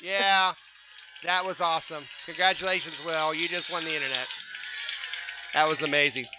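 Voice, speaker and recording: A man's voice: fairly high pitch, fairly even intonation, moderate pace, a loud crowd. A man hosting a casual fan podcast, running a name quiz, joking and laughing often as he spells out names. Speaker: podcast host. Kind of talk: casual panel chat, quiz game.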